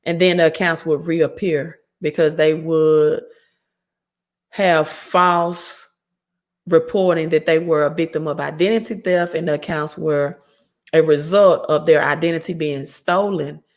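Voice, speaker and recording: A woman's voice: low voice, fairly even intonation, measured pace. A woman from Mississippi with a Southern accent, hosting a credit repair livestream and answering viewer comments in a blunt, no-nonsense way. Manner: blunt, scolding, talks straight to viewers. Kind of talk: casual livestream talk reading viewer comments.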